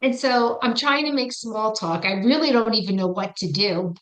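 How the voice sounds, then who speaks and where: A middle-aged woman telling a personal story as an interview guest, animated and acting out her own past reactions. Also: on the high side, moderate pace, rough recording. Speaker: psychic medium guest.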